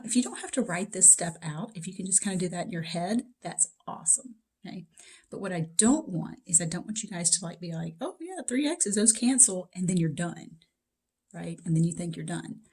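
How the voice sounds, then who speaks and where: A woman walks students through math in a loose, chatty lecture, talking to them directly. Her voice sits low and dark, with a husky edge. She sounds like she is recording alone at home. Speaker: math teacher. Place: home basement.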